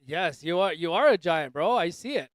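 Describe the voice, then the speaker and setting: Dude livestream host, kinda high voice, dry close mic, swears and jokes around with guests. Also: male voice, animated, normal speed, dry recording. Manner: loose, joking, swears a lot, calls people dude and bro. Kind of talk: casual livestream chat with guests. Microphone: desk microphone.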